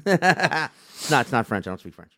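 Bright-voiced wry man from Louisiana. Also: mid-range voice, very animated, moderate pace, no echo, clean studio sound. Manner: wry joking banter. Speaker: podcast guest. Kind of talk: casual chat.

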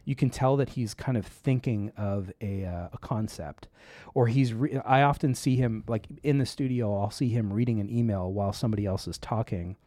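A man's voice: lowish voice, moderate pace, dry recording. A man hosting a casual tech talk show, telling stories and acting out the voices in them. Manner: animated storyteller, acts out quoted voices.

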